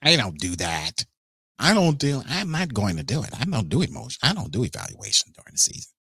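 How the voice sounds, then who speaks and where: A man's voice: mid-range voice, huge pitch swings, fairly quick, vocal fry, sharp tone, slightly rough, no room sound, studio quality, heavily acted. A man mocking a stubborn old team boss. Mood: defensive. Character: grumbling older male team executive, defensive.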